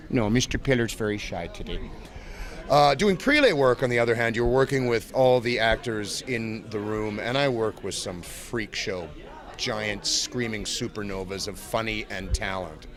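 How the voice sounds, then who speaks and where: A man's voice: medium pitch, normal speed. A man, a voice actor at a convention, talking in a manic, jumpy way and breaking into silly voices mid-sentence. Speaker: voice actor guest. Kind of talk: convention interview. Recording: outdoor convention recording.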